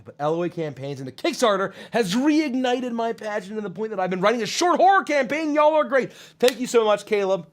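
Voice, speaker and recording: High-voiced joking male stream host. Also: sing-song, a little fast, hardly any pauses. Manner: joking and profane, thanking viewers. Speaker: live stream host reading viewer messages. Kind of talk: casual live stream Q&A.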